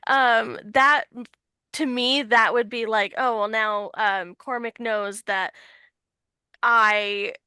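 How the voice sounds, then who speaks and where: A woman's voice: fairly high pitch, fairly even intonation, slow pace, pushed and bright, smooth, no room sound. A woman podcast co-host chatting casually, musing in a rambling, self-deprecating way. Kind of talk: casual chat.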